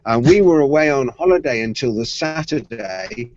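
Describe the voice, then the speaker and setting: In his medium-pitched, a little mellow voice, a middle-aged man co-hosting a tech podcast tells an animated, playful story at normal speed, voicing the people in it. It's casual tech chat and storytelling. The audio is dry, slightly muffled, with slight background noise.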